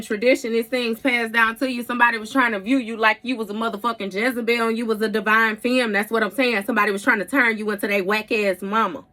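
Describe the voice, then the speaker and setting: A woman's voice: fairly high pitch, bright, forceful tone. A woman giving a casual tarot reading in a blunt, heavily profane way, with frequent mm-hmms. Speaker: tarot reader.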